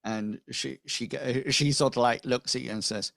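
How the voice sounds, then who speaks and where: A man narrating as game master for a tabletop role-playing game, halting, with many ums and restarts. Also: medium pitch, steady tone, creaky, a bit bright, dry recording, studio quality.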